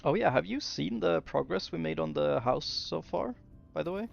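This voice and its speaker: A young game streamer mutters to himself slowly while building, chatting casually with viewers between tasks. His voice is heavily gravelly with lots of vocal fry, a little high and expressive. The lo-fi audio sounds dull, with faint music underneath.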